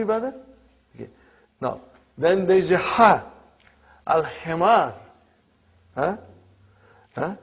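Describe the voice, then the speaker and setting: Muffled slow teacher drilling a class. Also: male voice, fairly high pitch, breathy edge. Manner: checks in constantly with students; repeats words slowly to drill pronunciation. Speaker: Arabic teacher. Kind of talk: classroom lesson.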